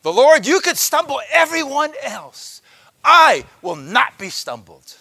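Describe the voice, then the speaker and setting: A man's voice: very high-pitched, big pitch swings, a little slow, vocal fry, bright, forceful tone, no echo, studio quality, voice pushed up, full character voice. A man preaching voices the disciple Peter as an overeager, impulsive man making emphatic proclamations. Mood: eager.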